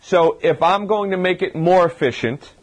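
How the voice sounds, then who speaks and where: A man's voice: high voice, moderate pace. Man giving an informal health talk. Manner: talks through his points with frequent restarts and rhetorical questions. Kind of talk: informal lecture to a live audience.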